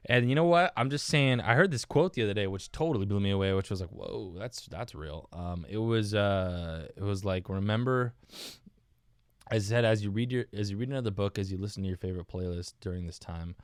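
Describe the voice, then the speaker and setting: Speaking in a lowish, brisk, clean-toned voice, a young man from the United States rambles through his own podcast, cracking jokes about himself. "Dude" and "man" come up constantly as he addresses listeners. The sound is clean studio audio without echo.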